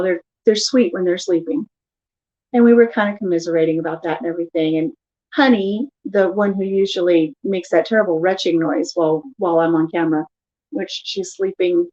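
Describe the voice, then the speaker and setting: An older woman vlogger chatting casually from her living room at home, animated as she tells stories. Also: mid-range voice, lo-fi sound. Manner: animated storyteller who acts out quotes. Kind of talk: casual chat.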